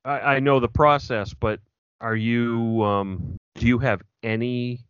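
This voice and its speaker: A man's voice: medium pitch, steady tone, takes it slowly, clean tone, no echo. A man co-hosting a podcast, casual and teasing in a laid-back way. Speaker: podcast co-host. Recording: dry, dull lo-fi audio.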